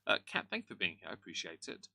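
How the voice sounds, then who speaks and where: Male stream host, sarcastic and dismissive; bright, edgy tone, lowish pitch. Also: huge pitch swings, racing, vocal fry, no echo. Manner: dry, snarky, dismissive asides. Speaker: commentary livestream host. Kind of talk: sarcastic livestream commentary.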